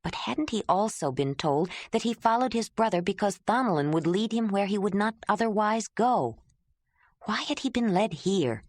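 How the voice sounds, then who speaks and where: A woman narrating a novel as an audiobook in a measured, even storytelling manner. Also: medium pitch, dry recording. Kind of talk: scripted narration.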